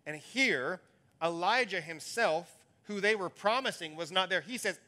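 A male pastor gives a conversational sermon, musing aloud as he teaches. His voice sits high for a man and has a bright, forceful edge. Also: expressive, unhurried.

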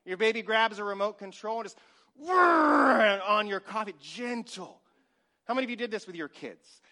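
A man in his forties preaching a sermon, telling lively stories and acting out little scenes, sometimes dropping to a whisper. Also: high-pitched, normal speed. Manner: animated storytelling, acts out scenes, drops to a whisper. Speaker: pastor.

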